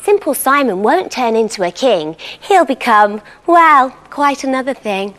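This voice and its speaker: A woman's voice: sits high, very animated, a little slow, a bit bright. Sing-song British storytelling woman. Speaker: children's TV presenter. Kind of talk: storybook rhyme narration.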